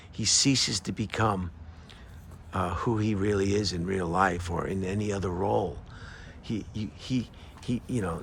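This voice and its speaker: An older man talking in a casual, rambling monologue outdoors, halting often with fillers and restarts. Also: fairly low pitch, vocal fry, fairly bright tone, a little hiss or hum. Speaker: vlogger.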